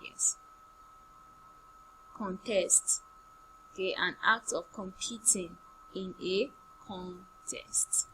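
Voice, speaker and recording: Female primary English teacher, drills vocabulary at a slow deliberate pace, faint hum on the recording. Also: mid-range voice, creaky, pushed and bright, rough recording. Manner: slow, drilling words by repetition with example sentences. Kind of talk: online class lesson.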